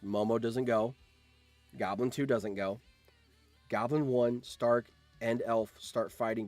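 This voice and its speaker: A young man streaming, reacting to a game, excitable and swearing, with sudden shouts. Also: medium pitch.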